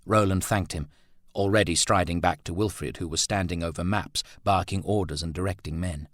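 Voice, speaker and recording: A man reading a novel aloud as narrator in a measured storytelling manner. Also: sits low, a bit bright, no room sound, clean studio sound. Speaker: audiobook narrator. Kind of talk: scripted narration.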